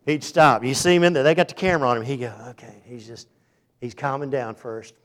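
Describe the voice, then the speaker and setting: A man's voice: mid-range voice, fast talker. A middle-aged man giving an informal faith talk, rambling and folksy, who acts out the people in his stories. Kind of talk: informal sermon with storytelling.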